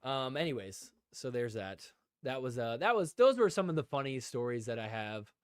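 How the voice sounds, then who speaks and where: A man's voice: medium pitch, big pitch swings, moderate pace, smooth, dry recording, clean studio sound. A man hosting a casual live stream, rambling with lots of "like" and talking to viewers in the chat. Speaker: podcast host.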